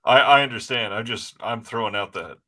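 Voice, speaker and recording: A man co-hosting a casual film chat, playful and quick to laugh. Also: mid-range voice, bright, forceful tone. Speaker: podcast co-host. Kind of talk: casual chat about films.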